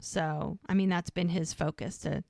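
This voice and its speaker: A woman's voice: lowish voice, fairly even intonation, moderate pace, gravelly, darkish tone, dry recording, clean studio sound. A woman co-hosting a podcast, recapping a TV episode in detail in a casual way. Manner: retells scenes in detail, acting out quoted lines. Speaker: podcast co-host.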